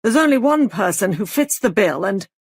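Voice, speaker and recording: A woman's voice: medium pitch, sing-song, normal speed, vocal fry, slightly rough, no echo, studio quality, exaggerated voice. A woman voicing an indignant young husband who speaks bluntly and angrily. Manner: blunt, angry.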